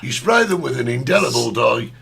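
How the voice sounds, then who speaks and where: A man's voice: mid-range voice, big pitch swings, a little fast, gravelly, a bit bright. A man co-hosting a casual talk show, reading out viewer comments and giving firm opinions. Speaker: co-host. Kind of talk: casual chat.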